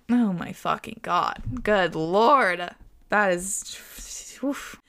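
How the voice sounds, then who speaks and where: A woman podcast host reading listener stories aloud and reacting casually, animated and expressive, laughing often and swearing. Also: on the low side, extremely slow, vocal fry.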